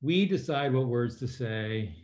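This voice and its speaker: Speaking at a measured pace in a mid-range voice, this middle-aged ex-submarine captain and author shares stories in a conversational interview. He animates them by quoting people in lively voices, and the recording sounds roomy and a bit dull.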